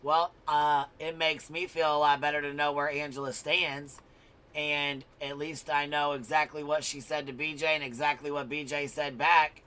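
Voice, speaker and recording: Bright-voiced man reading chat. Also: a little high, little pitch movement, normal speed, clear, resonant tone. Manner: reads out chat comments. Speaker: livestream co-host reading chat.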